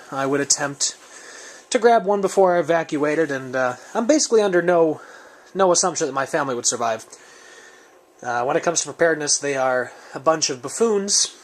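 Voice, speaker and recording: A man casually reviewing his survival gear on camera, rambling and joking in an off-the-cuff way. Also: medium pitch. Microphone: camera mic, speaker off-frame.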